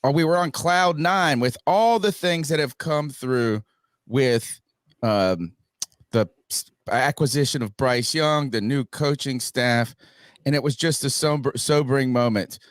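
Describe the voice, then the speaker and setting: A man hosting a sports podcast over a video call, talking in an animated, playful way. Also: mid-range voice, a little slow, no room sound, studio quality. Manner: animated, playful, mock-panicky. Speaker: podcast host. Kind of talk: casual sports podcast talk. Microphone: webcam and mic on a video call.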